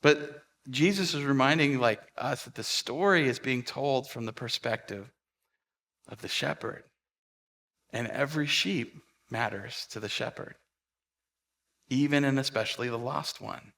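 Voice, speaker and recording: A man's voice: mid-range voice, measured pace, vocal fry, fairly bright tone. A man preaching a sermon as a pastor, telling stories in a conversational way with fillers and restarts. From Pacific Northwest of the US.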